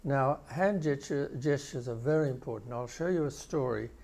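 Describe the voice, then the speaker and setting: An older male professor giving a conference keynote, explaining video clips with pauses and restarts. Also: medium pitch, darkish tone. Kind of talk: conference lecture.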